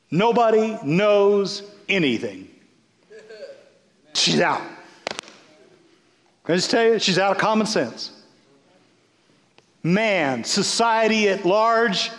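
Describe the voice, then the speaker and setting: With a high-pitched voice, a man in his fifties, a bishop, preaches in a lively, playful manner, alternating booming outbursts with quiet asides. A large hall lends the audio a long reverb.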